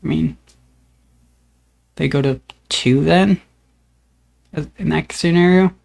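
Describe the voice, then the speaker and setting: A man with a slightly high, gravelly voice gives casual commentary on his card game. He thinks aloud about each move in a relaxed, upbeat way. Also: takes it slowly.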